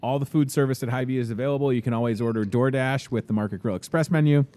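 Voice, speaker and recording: A man's voice: mid-range voice, fast talker, dark tone. A young man with a Midwestern American accent hosting a casual store promo, chatty and upbeat with joking sales patter. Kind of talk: casual live promo talk.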